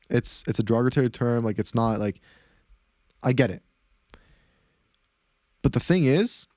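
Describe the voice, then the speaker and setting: Speaking in a mid-range voice, a man hosting a podcast spins a story quickly and with energy, restarting often and filling gaps with filler words. It's a studio-quality recording without any room sound.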